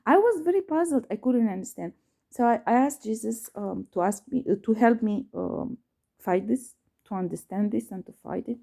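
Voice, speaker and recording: A woman's voice: mid-range voice, moderate pace, gravelly, mellow. A woman vlogger telling a personal story to camera, hesitant with many fillers and restarts, emphatic and repetitive, swearing when upset. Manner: emphatic, repeats herself.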